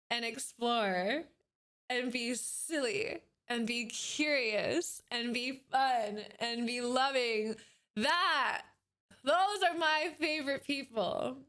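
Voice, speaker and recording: A woman in her thirties talks straight into her desk microphone during a casual livestream. Her voice sits high, and she sounds excited and animated throughout, swearing freely as she chats. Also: slow. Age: 30s.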